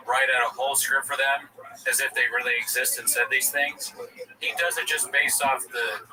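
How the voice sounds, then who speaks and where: A man's voice: medium pitch, distant mic, rough recording. A man co-hosting a casual comedic chat, laughing and teasing, slipping into mock impressions. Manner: laughing, mocking, slips into impressions. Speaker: podcast co-host.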